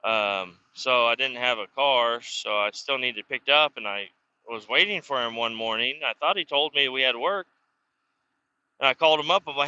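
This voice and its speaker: A man's voice: mid-range voice, normal speed, sharp tone, clear, resonant tone, dry recording, lo-fi sound. A man casually telling rambling, profanity-laden stories about his past while sitting in a car, chuckling now and then. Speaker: vlogger telling life stories. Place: inside a car while driving.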